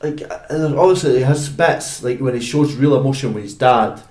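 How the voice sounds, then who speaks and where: A young Scottish man co-hosts a podcast, chatting casually and rambling with plenty of fillers and restarts. His medium-pitched, darkish voice moves at a moderate pace in an echoey room.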